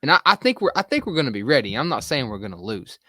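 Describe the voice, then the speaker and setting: A man's voice: mid-range voice, big pitch swings, fast talker, pushed and bright, no echo, clean studio sound. A man co-hosting a sports podcast, talking in an earnest, rambling way. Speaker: podcast co-host. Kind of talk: casual sports chat.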